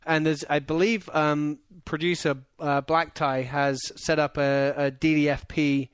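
A man's voice: on the high side, flat delivery, measured pace, clean tone, dry recording. A man co-hosting a casual football talk show in a studio, easygoing and plain in how he explains things. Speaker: co-host.

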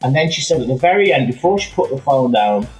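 A man's voice: medium pitch, quick pace, soft background music. Man, chatty guest, tells stories with lots of asides, roomy sound. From England. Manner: animated anecdotal storytelling with many asides. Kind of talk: casual chat.

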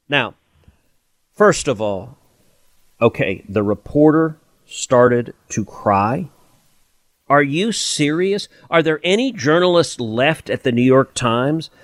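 A man's voice: mid-range voice, a bit bright, dry recording. A middle-aged man, a senator hosting a podcast, giving emphatic, scornful political commentary that builds into indignant mockery.

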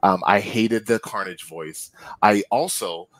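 A man co-hosting a casual movie review podcast, rambling with many fillers and restarts, and getting animated when he is annoyed. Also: fairly low pitch, measured pace, no room sound. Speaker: podcast co-host.

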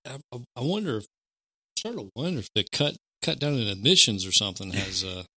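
A middle-aged man co-hosting a podcast, talking in a relaxed, rambling way with many fillers. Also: mid-range voice, fast, slightly rough, no room sound. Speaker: podcast co-host. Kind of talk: casual chat.

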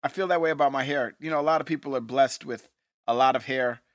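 A man's voice: mid-range voice, fast, dry recording, clean studio sound. A man co-hosting a podcast rewatch, chatting casually and animatedly, laughing often. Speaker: podcast co-host. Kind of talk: casual chat.

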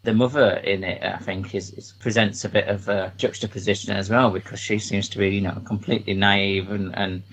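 A male podcast co-host with a slightly low voice who speaks haltingly, often restarting his sentences. He brings a dry wit to a casual chat about films. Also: level tone, fairly bright tone, breathy edge, rough recording.

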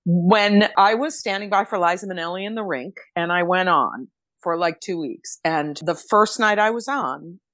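A woman's voice: fairly low pitch, a bit bright, dry recording. An older woman from Rhode Island, a stage actress guesting on a podcast, talking candidly and bluntly in casual chat. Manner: blunt, candid, emotional storytelling.

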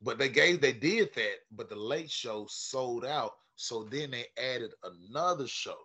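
Male stand-up guest, bright edgy voice, loose profane storytelling. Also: mid-range voice, measured pace, slightly rough. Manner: animated, profane, acts out quoted voices loudly. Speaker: stand-up comedian, podcast guest. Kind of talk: casual storytelling chat.

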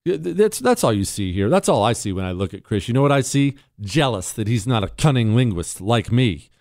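A man's voice: very animated, fairly quick, dry recording, clean studio sound. A man hosting a talk radio show, ranting in a combative, sarcastic monologue and reading ad copy. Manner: combative, sarcastic, jumps between loud questions and low asides.

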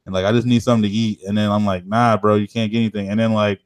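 A man's voice: on the low side, little pitch movement, rapid-fire, smooth, dry recording. A young man in casual chat, ranting and telling stories with lots of slang and swearing.

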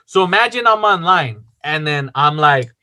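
A man's voice: on the high side, expressive, normal speed, bright, forceful tone. A man casually telling a long personal story, rambling with lots of fillers and swearing.

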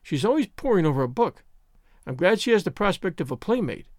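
A man's voice: high voice, very animated, fairly quick, darkish tone, no echo, studio quality. A man doing a strict, cordial mother. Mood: firm. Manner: cordial but firm. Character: strict, resolute mother, middle-aged. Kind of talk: audiobook character reading.

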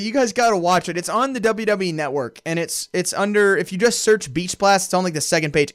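A man's voice: sits high, dry recording, studio quality. A man co-hosting a podcast, chatting casually and animatedly, laughing often as he recaps a show. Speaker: podcast co-host.

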